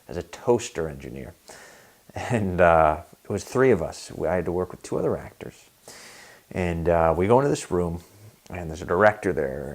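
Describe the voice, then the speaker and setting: A young man telling a comedic story about an audition in a dry, tired deadpan. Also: deep voice.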